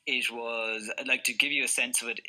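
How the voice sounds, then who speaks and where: Man, journalist, anecdotal storyteller, very bright tone, podcast chat. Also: medium pitch, normal speed, soft background music, low-quality recording. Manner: animated anecdotal storyteller, acts out voices. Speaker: football journalist.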